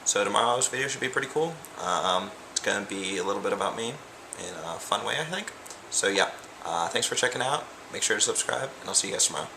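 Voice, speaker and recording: A young male vlogger talks in a loose, rambling way, leaning on fillers as he goes. His voice sits low with a gravelly fry. A steady background noise runs under the recording. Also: fast. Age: young adult. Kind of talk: casual vlog chat.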